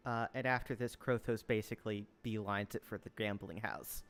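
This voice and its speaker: A man running a tabletop game as game master, narrating with many pauses and filler words. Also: fairly low pitch, steady tone, a bit bright, clean tone, soft background music. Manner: halting, full of filler words.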